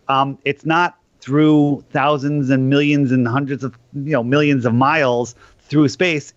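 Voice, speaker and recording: A man in a casual live discussion who talks in halting phrases, often restarting. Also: mid-range voice, dry recording. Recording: dry, muffled lo-fi call audio.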